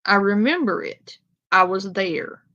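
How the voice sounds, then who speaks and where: A woman's voice: medium pitch, animated, a little slow, pushed and bright, muffled recording. A woman talking bluntly to her live chat, casual and confrontational, with frequent fillers. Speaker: commentary streamer. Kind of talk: casual live-stream commentary.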